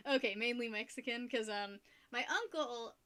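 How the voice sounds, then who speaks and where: Woman, young adult, American, streamer, casual rambling chat, lots of fillers and laughs, fairly high voice. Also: bright, forceful tone. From United States. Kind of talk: casual chat with viewers while painting.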